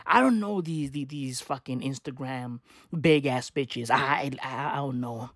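A man's voice: medium pitch, unhurried, a bit bright, no room sound, clean studio sound. A man ranting casually to camera, profane and slangy, rambling with constant rhetorical questions. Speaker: vlogger.

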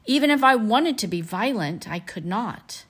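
A woman reading aloud as a kind, gentle female robot from a children's storybook, in a calm and earnest voice. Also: on the high side, moderate pace, breathy edge, pitched above the performer's own voice.

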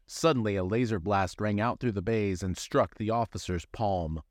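Low-voiced man reading a sci-fi story, lively delivery, dry close sound. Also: normal speed, hardly any pauses, no room sound. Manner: expressive reading aloud. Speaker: narrator. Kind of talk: scripted story narration.

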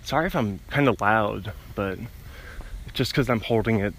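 On a roadside walk, a young man records his solo podcast through a phone held to his ear, meandering, cutting himself off and laughing at his own tangents. His voice sits on the low side, a bit bright, at a moderate pace, with a little hiss or hum.

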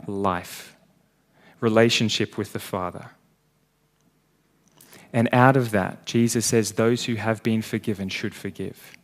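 Male pastor, low voice, earnest sermon delivery, swells loud then falls hushed. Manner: earnest, rising to emphatic peaks then dropping quiet. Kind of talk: sermon ending in prayer. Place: church.

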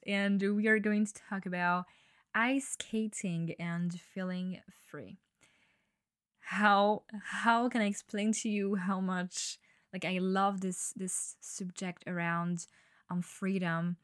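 Slow-talking young woman, dry close sound. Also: medium pitch, no echo. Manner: slow, breathy-edged, laughing and swearing freely. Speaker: podcast host. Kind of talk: casual solo podcast monologue.

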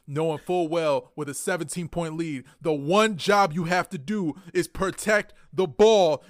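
A man co-hosting a casual podcast, telling a story animatedly and swinging between muttering and excited outbursts. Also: a little high, measured pace, hardly any pauses, no echo, studio quality. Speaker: podcast co-host. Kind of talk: casual chat.

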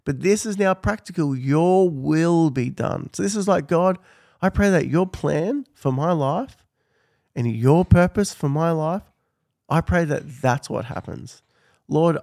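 Gravelly earnest man. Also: on the high side, a little mellow, no echo, studio quality. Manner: earnest, conversational, laughs often. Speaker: podcast host. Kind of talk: casual faith teaching.

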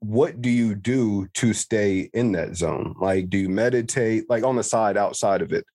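Lower-voiced joking man host. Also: moderate pace, darkish tone. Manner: loose, joking, swears casually. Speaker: podcast co-host. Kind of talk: casual interview chat.

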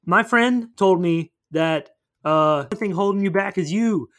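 A man's voice: high-pitched, unhurried, fairly bright tone. A man voicing a laid-back young guy who talks in casual slang.

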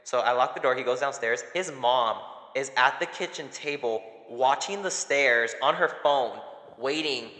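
Young guy telling a wild story, bright sound, lots of room echo. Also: medium pitch, unhurried. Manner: animated, laughing, acts out quotes. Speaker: podcast co-host. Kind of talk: casual storytelling chat. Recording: echoey room with long reverb.

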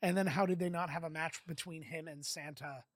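A man's voice: a little high, steady tone, brisk, no echo, studio quality. A man co-hosting a casual movie commentary, telling rambling anecdotes full of fillers and swearing. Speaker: podcast co-host.

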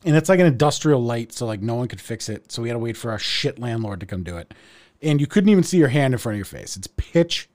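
A man telling a story in casual chat, animated and profane, acting out the people in it. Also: fast. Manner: animated, profane, acts out voices with big pitch jumps. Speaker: podcast co-host telling a story.

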